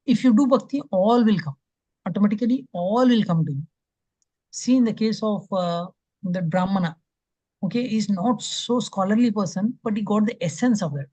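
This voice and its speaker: Man teacher, fairly high voice, dark and husky, dry dull call audio, earnest storytelling lecture. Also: fairly quick, no room sound. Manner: earnest, acts out quotes, many fillers. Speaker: spiritual class teacher.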